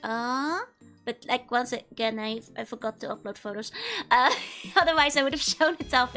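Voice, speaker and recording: A VTuber streamer from the Netherlands chats casually with viewers on a live stream, giggling often while her voice is still recovering from illness. Her fairly high voice is expressive, pushed, and bright, at a normal speed, with soft music behind her.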